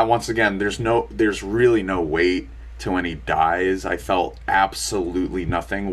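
Rambling young man, low voice. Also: fairly bright tone. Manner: rambling, many fillers and restarts, laughs often. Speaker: podcast co-host. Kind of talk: casual movie review chat.

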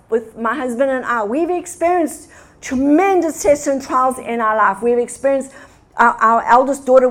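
High-voiced older woman preaching. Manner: animated storytelling preacher, rising to fervent exclamations. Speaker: guest minister. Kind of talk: sermon.

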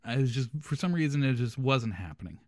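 A man's voice: medium pitch, brisk, no echo. Dry-sounding young man telling a story. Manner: animated, laughs through his story. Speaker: podcast host. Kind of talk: casual storytelling chat.

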